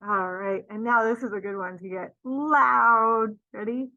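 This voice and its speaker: A woman leading a children's storytime, gently encouraging kids and singing along. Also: fairly high pitch, measured pace, few pauses, dry recording, dull audio.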